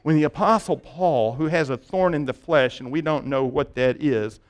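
High-voiced man preaching a sermon. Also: normal speed. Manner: conversational preaching with frequent restarts and "right?" asides. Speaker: pastor.

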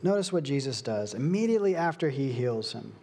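A young adult man preaching a sermon, slow and emphatic, with dramatic pauses. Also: medium pitch, very animated, a little mellow, husky. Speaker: pastor.

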